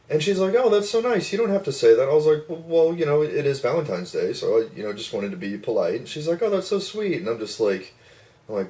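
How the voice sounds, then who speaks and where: Low-voiced man telling a rambling story. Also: far from the mic. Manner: rambling, animated, swears freely. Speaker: vlogger telling a personal story. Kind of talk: casual storytelling.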